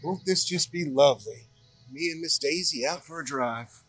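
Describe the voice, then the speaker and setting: A man's voice: a little high, normal speed, fairly bright tone, soft background music. An actor playing a grumpy older man with a sarcastic, blunt way of talking in a film drama.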